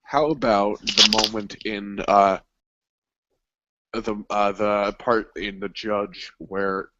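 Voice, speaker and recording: A man in casual movie chat, crude and joking, acting out scenes in quick voices. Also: fairly low pitch, fairly even intonation, pushed and bright, a little hiss or hum. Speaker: co-host. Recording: dull lo-fi recording.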